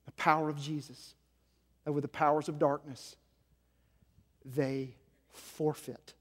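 A man preaching a sermon as senior pastor, swinging between loud emphasis and hushed, low passages. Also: level tone, slow. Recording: long hall reverb.

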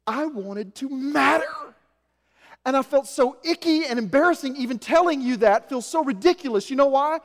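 Pastor guy from arkansas, 40s, self-deprecating stories, high-ish voice, church echo. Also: lively intonation, moderate pace. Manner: storytelling, self-mocking, swings from soft asides to loud emphasis. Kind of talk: sermon. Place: church sanctuary. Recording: echoey hall.

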